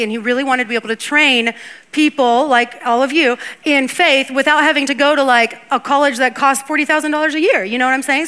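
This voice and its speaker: A woman pastor preaching on a church stage and interviewing guests, in a lively, chatty, laughing way. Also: high-pitched.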